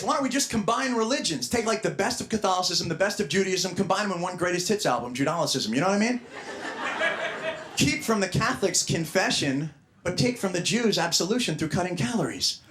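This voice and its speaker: A man's voice: high-pitched, background noise. A man doing a stand-up set on a club stage, with a wry, jokey delivery. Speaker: stand-up comedian. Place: comedy club stage with audience.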